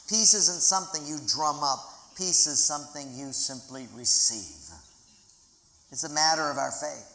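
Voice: medium pitch, measured pace, bright, forceful tone. A pastor preaching a sermon in a large church auditorium, speaking dramatically and leading the congregation in reading scripture aloud. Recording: echoey hall with long reverb.

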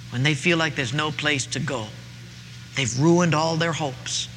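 A man voicing a compassionate older Southern mother with a Southern accent, asking gentle questions, recorded in a reverberant hall with faint ambience. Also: a little high, a little slow, slight background noise. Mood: tender pleading. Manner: gentle pleading, rhetorical questions.

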